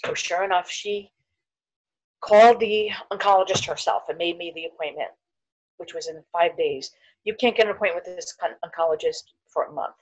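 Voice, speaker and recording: A woman's voice: lowish voice, moderate pace, rough recording. A middle-aged woman, a podcast guest, telling her own story, acting out the people she quotes and dropping almost to a whisper at the hardest parts. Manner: animated storyteller, acts out quoted voices, drops to near whisper at hard moments. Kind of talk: personal storytelling interview.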